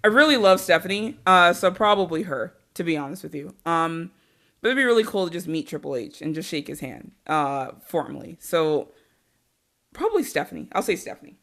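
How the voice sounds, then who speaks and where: A woman from Arizona, a guest on a podcast, chatting casually and telling stories in an animated way, laughing often and swearing freely. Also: lowish voice, a little fast. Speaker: podcast guest, wrestling interviewer.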